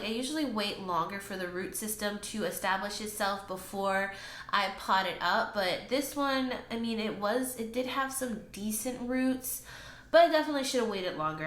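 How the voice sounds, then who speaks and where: Chatty woman, plant vlogger. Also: on the high side. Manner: chatty and expressive, talks to her plants. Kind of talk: casual vlog narration. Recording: echoey room with faint ambient noise.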